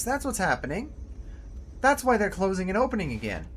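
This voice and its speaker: A man giving casual commentary while playing a game, chatty and talking to himself, now and then jumping up loud and high when excited. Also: normal speed, breathy edge. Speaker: gameplay video host.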